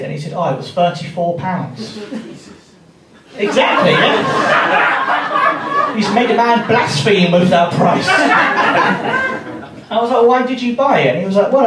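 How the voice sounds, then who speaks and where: Stand-up guy, high voice, roomy theatre sound from far off, crowd noise behind. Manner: laddish, swearing, animated, laughing at his own jokes. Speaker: stand-up comedian. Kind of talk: stand-up comedy. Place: theatre stage before a live audience. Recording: roomy theatre sound from a distant mic, loud audience. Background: audience laughter.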